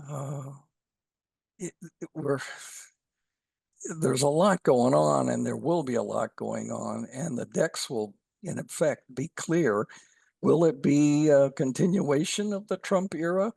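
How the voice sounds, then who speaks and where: A man speaking as a guest commentator on a podcast, halting and full of fillers, telling dry jokes. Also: medium pitch, creaky, a little mellow, slightly rough, no echo. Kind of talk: casual podcast chat.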